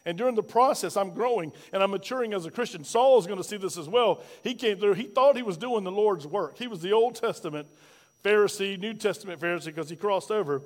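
Guy pastor preaching, high-ish voice, lots of questions to the crowd, echoey church. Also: fast talker. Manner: preaching with rhetorical questions and a personal story. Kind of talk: sermon.

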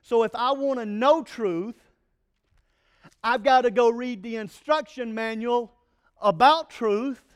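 Pastor guy, pretty high voice, preaching with jokes and energy. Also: takes it slowly, clean tone. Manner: animated preaching with playful asides. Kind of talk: sermon.

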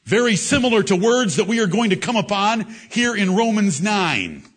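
High-voiced man preaching a sermon. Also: big pitch swings, normal speed. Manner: emphatic King James scripture reading. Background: congregation responses.

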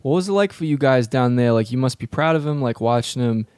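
A man's voice: mid-range voice, lively intonation, a little fast, a little mellow, clear, resonant tone, no echo, studio quality. A man hosting a comedic sports radio show, rambling with lots of filler words. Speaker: radio host.

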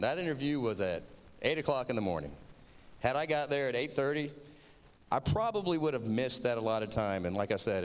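A man with a Southern accent tells a sermon as a chatty, self-mocking story. His voice is smooth and resonant, and it carries a long reverb as if he is speaking in a large hall. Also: medium pitch. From Florida. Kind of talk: sermon told as a personal story.

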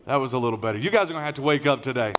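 Racing along in a medium-pitched voice, a middle-aged man preaches a conversational, folksy sermon as lead pastor, stumbling through many fillers and restarts. Crowd noise mixes in, and the large church auditorium leaves a long hall reverb on the recording.

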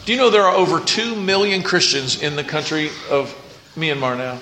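A man's voice: a little high, lively intonation, moderate pace, pushed and bright, slight background noise. A man preaching a sermon as pastor, earnest, with rising and falling intensity. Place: church sanctuary. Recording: echoey church room.

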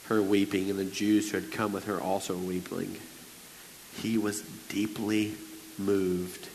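A man preaching a sermon, moving between quiet scripture reading and loud, emphatic exhortation. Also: sits low. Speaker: pastor. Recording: long hall reverb with faint hiss.

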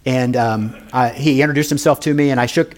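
A man's voice: mid-range voice, fairly even intonation, brisk. A male pastor preaching a sermon in a conversational, storytelling way, leaning into key words with rising emphasis.

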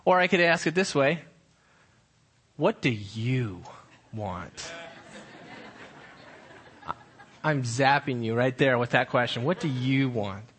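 A man preaching as a high school pastor, posing slow rhetorical questions and acting out different tones of voice. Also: a bit bright. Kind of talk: sermon.

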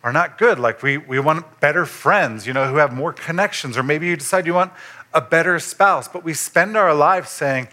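Bright-voiced man preaching conversationally. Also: a little high, normal speed. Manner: conversational preaching, animated rises for emphasis. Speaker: pastor. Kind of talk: sermon.

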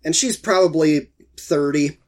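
A middle-aged man with a stuffy head cold, talking in a high voice for a man. He tells a long story in a loose, rambling way and sounds exasperated by it. The tone stays casual and chatty. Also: a little slow. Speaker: podcast co-host. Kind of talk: casual chat.

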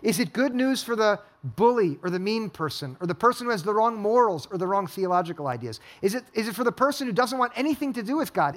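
A man with a high-pitched voice preaches in a church hall, moving between storytelling and a run of rhetorical questions. His delivery is that of a pastor addressing his congregation. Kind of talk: sermon.

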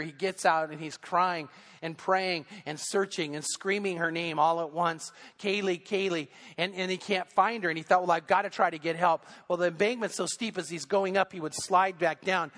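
Male pastor, high voice, earnest storytelling sermon, long church reverb. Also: steady tone, moderate pace, fairly bright tone. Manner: earnest storytelling, building intensity. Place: church sanctuary.

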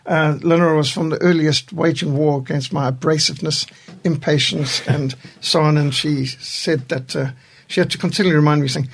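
Older guy in a studio, gravelly and a bit raspy, talking kinda high for a man, chuckling as he tells old stories. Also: steady tone, normal speed. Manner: storytelling, chuckles through anecdotes. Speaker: studio guest. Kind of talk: reflective studio conversation.

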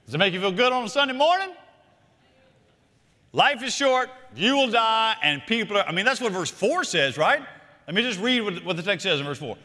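A man preaching a sermon, animated, shifting between loud emphatic lines and quiet asides. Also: sits high, fairly quick, in a large hall. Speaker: pastor.

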